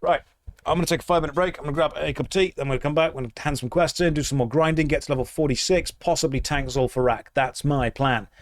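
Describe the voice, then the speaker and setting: A man's voice: a little high, fairly even intonation, fast talker, dry recording. A man chatting casually with viewers while playing a game, in a dry, sarcastic way. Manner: dry, sarcastic banter with chat. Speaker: streamer. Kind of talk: casual gameplay stream chat.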